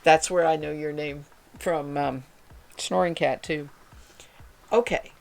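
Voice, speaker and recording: Woman, livestream host, casual rambling chat, slightly low voice. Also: fairly even intonation, slow, vocal fry, a little mellow. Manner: chatty, friendly, rambling with fillers. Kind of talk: casual chat while spinning, reading chat aloud.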